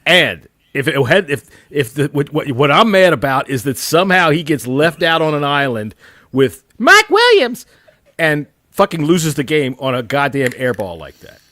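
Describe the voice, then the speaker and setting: A man's voice: on the high side, expressive, moderate pace, few pauses, fairly bright tone, no room sound. A man hosting a sports podcast, joking and self-mocking, with some swearing. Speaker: podcast host. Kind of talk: casual sports podcast chat.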